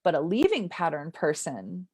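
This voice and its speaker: A woman with a lowish voice speaks as a somatic trauma therapist in an interview. She explains things earnestly and keeps checking that the listener follows. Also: very animated, normal speed, darkish tone, slightly rough.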